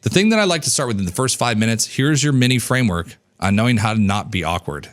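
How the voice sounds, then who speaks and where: Man, 30s, business coach, energetic, casual teaching, mid-pitched voice, casual swearing. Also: fast. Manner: animated, acts out dialogue in a higher voice, casual swearing.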